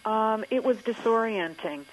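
A woman author in a radio interview, recounting history in a thoughtful storytelling way with frequent pauses and fillers. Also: a little high, animated, rough recording.

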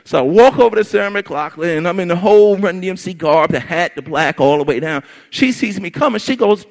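A man telling a personal story to an audience, animated and emphatic, with lots of repetition. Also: high voice, brisk, vocal fry, hardly any pauses. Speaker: storyteller on stage.

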